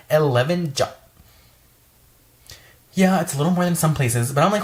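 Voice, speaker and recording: A woman's voice: sits low, very animated, quick pace, darkish tone. A young woman store worker ranting in a casual vlog, swearing often and exasperated, full of fillers.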